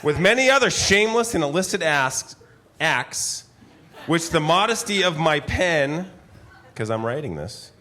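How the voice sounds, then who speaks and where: An actor playing a pompous, eccentric gentleman who bombastically declaims a furious period letter at a live theater reading, tossing in asides. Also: on the high side, sing-song, a little slow, full character voice. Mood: blustering. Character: blustering pompous eccentric gentleman, man, middle-aged. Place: live performance hall with audience.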